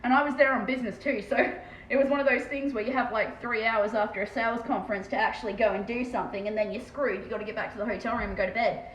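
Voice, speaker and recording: A woman with an Australian accent chatting fast and casually on a live stream as she paints terrain, swearing freely. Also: a little high, fairly even intonation, fairly bright tone. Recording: echoey room with faint background noise.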